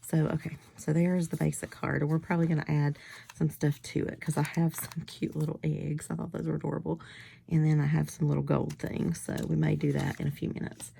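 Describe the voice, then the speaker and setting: A woman chatting casually in a crafting vlog while she makes cards, still getting over a cold. She rambles and often drops into soft, half-whispered asides. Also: sits low, little pitch movement, fairly quick, vocal fry, slight background noise. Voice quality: whiny-sounding. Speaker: crafting vlogger making cards.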